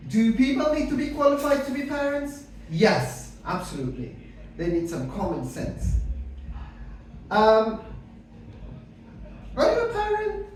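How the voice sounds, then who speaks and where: A middle-aged man from Afghanistan doing stand-up comedy with dry, deadpan delivery, full of hesitant fillers and some crowd work. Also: sits high, a little slow, slight background noise. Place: comedy club stage. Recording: echoey room mic heard from a distance.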